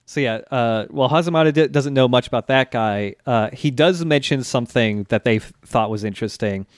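A man co-hosting a casual chat, relaxed and laughing easily as he recaps the story. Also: medium pitch, brisk, dry recording, clean studio sound. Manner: relaxed, many fillers, laughs often. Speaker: podcast co-host.

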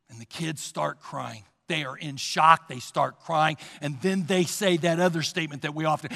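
A man preaches a sermon in a high, bright and gravelly voice, his words ringing through a hall with a long reverb. He speaks slowly, poses rhetorical questions to the congregation and tells a story dramatically, swinging between loud and hushed. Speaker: pastor.

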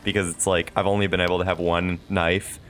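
Tabletop player, male, deep voice, bright edge, rambling and profane. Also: flat delivery, brisk, slight background noise. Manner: rambling, self-amused, swears freely. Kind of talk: casual tabletop role-play.

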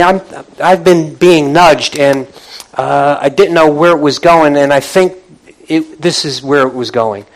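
A male pastor preaching a sermon. He often restarts and repeats words, and he calls out to the congregation, rising in pitch and volume when he gets fired up. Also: low-quality recording.

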